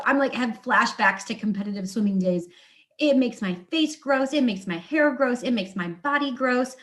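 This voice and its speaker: A woman beauty consultant giving a live product presentation. She talks in an enthusiastic, chatty way, with quick asides and acted-out quotes. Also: fairly high pitch, fairly bright tone.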